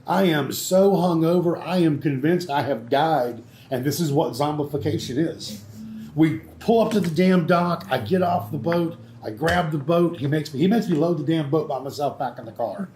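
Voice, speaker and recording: Man, animated profane storyteller, slightly high voice, echoey room. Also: normal speed. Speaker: show regular. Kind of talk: storytelling in casual late-night chat. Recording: echoey room with faint background noise.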